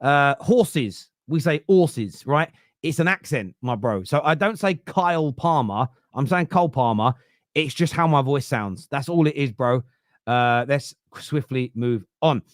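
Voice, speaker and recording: A man's voice: mid-range voice, expressive, a little slow, no room sound, clean studio sound. A man with a Southern English accent hosting a football podcast, thinking aloud with frequent restarts and making a case point by point. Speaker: podcast host. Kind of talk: casual chat.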